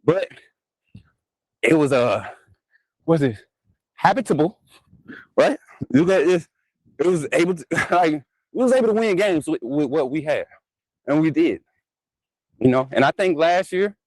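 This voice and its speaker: A man's voice: on the high side, dry recording, poor audio. A man hosting a live sports talk stream, chatty and laughing often as he talks straight to his viewers. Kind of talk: casual live-stream chat.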